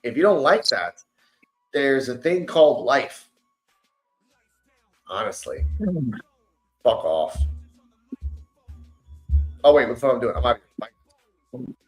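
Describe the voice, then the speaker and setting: A man's voice: medium pitch, lively intonation, slow pace, pauses often, faint music behind, low-quality recording. Brash profane man taunting critics. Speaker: podcast co-host. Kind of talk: casual wrestling chat sign-off.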